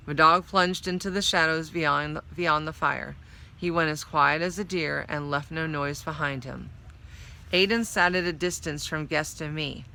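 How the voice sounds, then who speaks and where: A woman's voice: low voice, fairly even intonation, measured pace, bright, forceful tone. A woman reading a novel aloud, narrating steadily in the first person. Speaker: storyteller.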